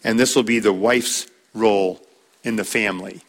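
Man teaching a relaxed church class. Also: on the low side, moderate pace. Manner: conversational, repeats words, with fillers. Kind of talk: church marriage lesson.

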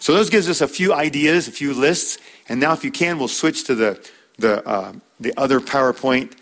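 A man's voice: medium pitch, moderate pace, fairly bright tone. A man teaching a church class on marriage, talking in a conversational way, repeating words and using fillers.

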